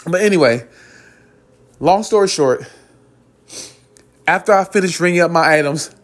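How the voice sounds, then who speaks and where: A man's voice: fairly high pitch, normal speed. A man hosting a podcast, giving a rambling, earnest spiritual monologue and chuckling between phrases. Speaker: podcast host.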